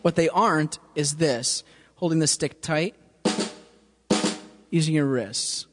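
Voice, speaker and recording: A man's voice: fairly high pitch, slow pace, loud music behind the voice. A man giving a casual, hands-on drum lesson, often stopping to ask if the student follows. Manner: casual, checks understanding with frequent "okay?". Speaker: drum teacher. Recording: reverberant room with drums playing.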